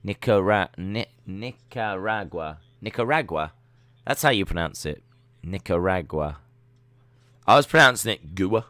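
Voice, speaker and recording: Guy doing a live watch-along, kinda low voice, smooth and crisp. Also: big pitch swings, normal speed, pushed and bright, no room sound. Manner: chatty, reads search results and chat aloud. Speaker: live stream host.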